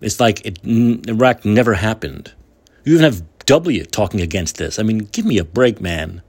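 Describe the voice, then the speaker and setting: Guy doing a solo talk show rant, heated and repetitive, up and down pitch, kinda raspy. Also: very animated, moderate pace, a little mellow. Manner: heated, indignant ranting with repeated phrases. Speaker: podcast host. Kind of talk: solo political commentary.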